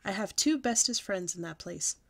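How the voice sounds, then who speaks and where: A woman at storytime, reading a children's book aloud in a lively, childlike first-person way. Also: medium pitch, normal speed, creaky. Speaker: storytime reader.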